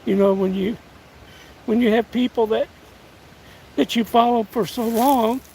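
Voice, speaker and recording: A hoarse older man from the United States, live streaming on a phone outdoors in windy woods, chatting in a folksy, halting way and thanking viewers by name. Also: very high-pitched, fairly even intonation, a little mellow, low-quality recording. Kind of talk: casual live-stream chat. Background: faint wind and rustling leaves.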